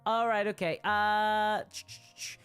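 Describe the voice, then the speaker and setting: A woman's voice: mid-range voice, little pitch movement, unhurried, fairly bright tone, clear, resonant tone. A woman hosting a casual livestream, rambling and laughing often as she reads viewer comments. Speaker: livestream host.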